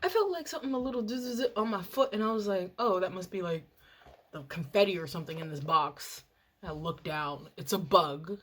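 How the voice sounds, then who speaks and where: A young woman chatting casually while doing her makeup, rambling and excitable, swearing and laughing often. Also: lowish voice, a little fast. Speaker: makeup and TV review vlogger.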